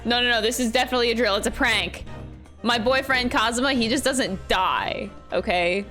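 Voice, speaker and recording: A woman's voice: on the high side, normal speed, bright, forceful tone, faint music behind. A woman streaming a video game, reacting dramatically and reading the game's dialogue aloud. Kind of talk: game let's play commentary.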